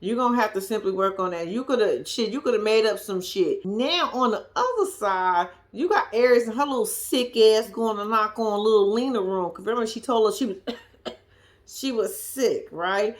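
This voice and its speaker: A woman giving a blunt, profane, animated recap of a reality TV episode, dropping to a hush at times. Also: medium pitch, moderate pace. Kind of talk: casual commentary recap.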